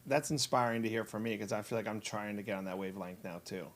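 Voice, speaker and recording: A man hosting a comedy podcast, chatting casually and encouraging his guest in quick back-and-forth. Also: fairly low pitch.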